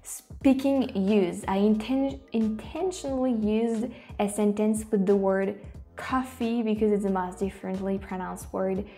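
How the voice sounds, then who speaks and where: A woman's voice: medium pitch, a little slow, warm tone, soft background music. A woman with a French accent, a native French speaker, chats casually as a video host, hesitating and restarting often. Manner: hesitant, many fillers and restarts. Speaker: YouTube host. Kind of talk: casual commentary.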